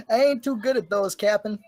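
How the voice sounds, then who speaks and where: A woman voicing a gruff male airship pilot who talks in a blunt, folksy way. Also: mid-range voice, normal speed, darkish tone, no echo, lightly acted. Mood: wry.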